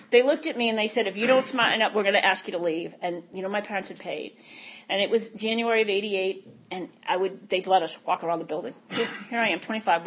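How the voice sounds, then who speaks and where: A middle-aged woman tells her own story with candid, animated energy and frequent laughter. Her voice sits high and has a husky edge. The recording is dull and muffled. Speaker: speaker sharing recovery story. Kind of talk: personal testimony talk.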